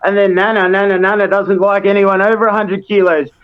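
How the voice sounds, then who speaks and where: An Australian man rants bluntly, swearing in nearly every breath as he vents about wrestling politics. His voice sits a touch high for a man. The recording is dull and lo-fi. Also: flat delivery, a little fast, smooth. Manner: blunt, profane, ranting. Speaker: podcast guest, wrestler. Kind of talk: casual chat.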